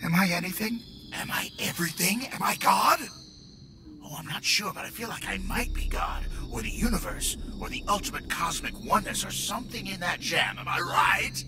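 An actor playing a disembodied male brain in a jar, confused and grandiose, swinging wildly in pitch in a video game. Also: animated, moderate pace, creaky. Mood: euphoric wonder. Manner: wildly swinging pitch, euphoric, breathless wonder. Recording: game audio with music behind.

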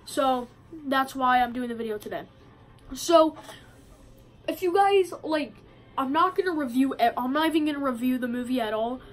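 Her voice sits high, and the audio quality is poor. In a laid-back movie review vlog, she rambles with frequent fillers and false starts, recording at a friend's place instead of where she normally films.

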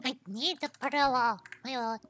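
A woman's voice: high-pitched, normal speed, a bit bright, slight background noise. A woman streamer giving casual game commentary, thinking aloud as she tries things, swearing freely and tacking "yo" onto her lines.

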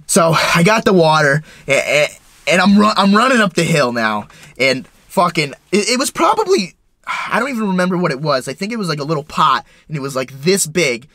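A young man vlogging, retelling a story in an excitable, profane way with lots of stumbles and restarts. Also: a little high, brisk, no room sound, clean studio sound. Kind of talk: casual storytelling.

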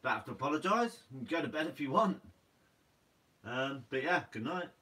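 Laid-back young Guernsey man, bright voice. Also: medium pitch, very animated, fairly quick, recorded from a distance, rough recording. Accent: Guernsey English. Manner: laid-back, says "mate" a lot. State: sleepy. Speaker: fishing channel host. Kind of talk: casual live Q&A reading comments.

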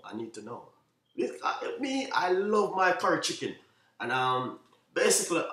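Fast-talking Jamaican man, chef live host. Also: mid-range voice, a bit bright, roomy sound, distant mic. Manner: repetitive, keeps saying "you know what I mean"; talks fast, by his own account. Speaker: chef hosting a live cooking stream. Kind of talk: live stream chat to viewers.

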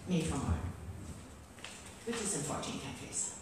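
Keynote speaker: lively, theatrical woman, heard from a distance in a very echoey hall. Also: unhurried. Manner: theatrical, playful, leaps in pitch. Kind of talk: animated talk to a writers' group. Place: meeting hall. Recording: very echoey hall, distant mic, faint hum.

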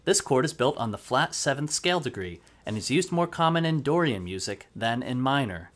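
A man's voice: mid-range voice, animated, fairly quick, a bit bright. A man teaching accordion who explains methodically and counts beats aloud. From United States. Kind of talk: instructional music lesson. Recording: accordion playing throughout.

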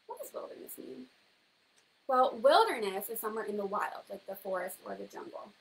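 A woman's voice: fairly high pitch, lively intonation, normal speed, vocal fry, low-quality recording. A young woman reading a picture book aloud to children in a teacherly way, stopping to ask them questions. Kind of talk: children's story time reading.

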